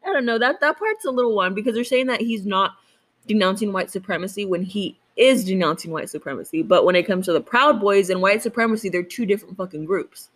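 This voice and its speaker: A woman's voice: mid-range voice, fast. A woman co-hosting a casual podcast, outspoken and swearing freely, from the United States. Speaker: podcast co-host. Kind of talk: casual chat.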